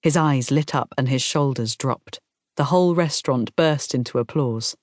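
A woman reading a first-person novel aloud in a calm, measured storytelling manner. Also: extremely low pitch, no room sound, studio quality. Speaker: audiobook narrator. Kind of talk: scripted first-person narration.

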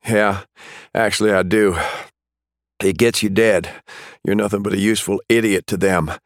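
A man's voice: fairly low pitch, steady tone, normal speed, no echo, voice pushed up, natural voice. A man doing a blunt, steely cop. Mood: stern. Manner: curt, commanding, dry. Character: tough male police officer, calm and blunt.

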